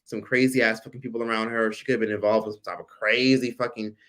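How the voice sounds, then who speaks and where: A man in his forties hosting a casual livestream, telling a personal story with animated, profane delivery and reading viewer comments aloud. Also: fairly low pitch, fast. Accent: American. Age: 40s. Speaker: livestream host.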